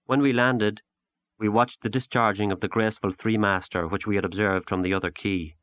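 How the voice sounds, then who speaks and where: Low-voiced man reading a story. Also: fairly even intonation, brisk, a bit bright, dry recording. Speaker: audiobook narrator. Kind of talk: scripted literary narration.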